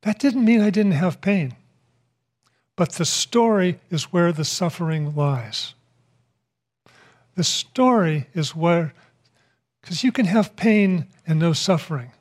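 A man giving a spiritual talk, telling a personal story in a reflective, unhurried way with pauses. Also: fairly high pitch, expressive. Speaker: speaker.

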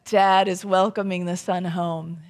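A woman's voice: lowish voice, flat delivery, a little slow. A woman giving a conversational sermon, storytelling and asking the audience questions.

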